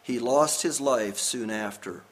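A man voicing an old, devout and stubborn pearl diver who speaks slowly and solemnly in a hushed voice. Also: medium pitch, voice pushed down, lightly acted. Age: older.

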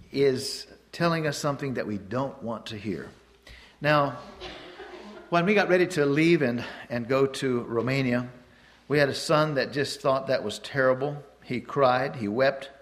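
A man preaching a sermon in a conversational, storytelling way, often pausing with fillers and restarts. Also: a little high, fairly bright tone. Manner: chuckles at his own stories.

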